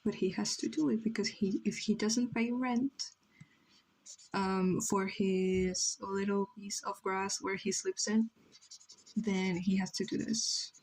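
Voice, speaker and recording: Mellow-voiced young woman chatting on stream. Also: medium pitch, steady tone, slow, rough recording. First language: Spanish. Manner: rambling, reads chat aloud, many "like" fillers. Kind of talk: casual livestream chat while drawing.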